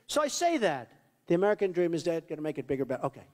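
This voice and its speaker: A man's voice: fairly high pitch, big pitch swings, very fast. A man giving a rambling, boastful campaign rally speech that repeats itself, at a podium microphone in a large venue. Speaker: political candidate. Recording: long reverb of a large hall.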